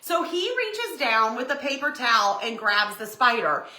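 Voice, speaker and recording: A woman's voice: on the high side, normal speed, reverberant. A middle-aged woman, chatting folksily as she crafts on a live stream and tells stories. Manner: animated, folksy, bursts into shrieks and laughter when retelling. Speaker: craft livestream host.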